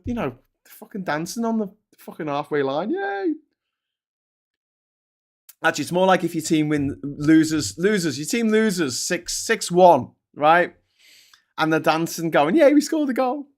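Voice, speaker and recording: A man's voice: a little high, a little slow. A middle-aged man hosting a casual morning show, reviewing headlines in a sweary, sarcastic and openly vexed way. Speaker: host. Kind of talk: casual commentary on newspaper headlines.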